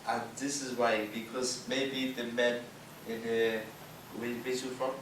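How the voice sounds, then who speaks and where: A man's voice: mid-range voice, little pitch movement, lightly acted. A man playing a sexist Frenchman in broken English. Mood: boastful. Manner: halting, many fillers and restarts. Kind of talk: improvised comedy scene. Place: workshop room. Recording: echoey room from far off, faint noise.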